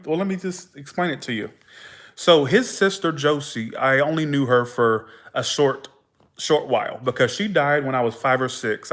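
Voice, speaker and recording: A young man hosting a livestream, telling his stories casually with swearing and acting out the people in them. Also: mid-range voice. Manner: animated, profane, acts out dialogue in his stories. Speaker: tarot livestream host.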